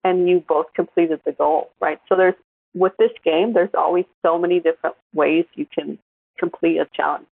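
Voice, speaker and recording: A woman in her forties, a podcast co-host, chatting casually and telling animated stories. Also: lowish voice, normal speed, vocal fry, no echo. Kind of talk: casual chat. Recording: tinny phone-like line.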